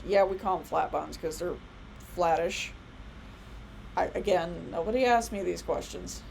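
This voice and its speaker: A woman's voice: on the low side, unhurried, creaky, a little mellow, a little hiss or hum, rough recording. A woman in her thirties giving a casual biology lecture, chatty and rambling with many fillers and asides. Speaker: college biology instructor.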